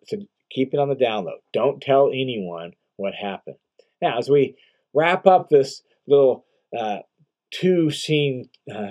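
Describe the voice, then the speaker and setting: A man giving a conversational Bible commentary as teacher, explaining in a relaxed way with asides and rhetorical questions. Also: medium pitch, slightly rough.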